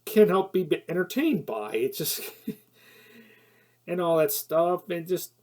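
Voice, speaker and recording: A man's voice: on the high side, expressive, slow pace, darkish tone. A man giving a casual spoken film review, rambling with many fillers and self-corrections, and sometimes laughing at his own points. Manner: laughs at his own points, gets heated when annoyed.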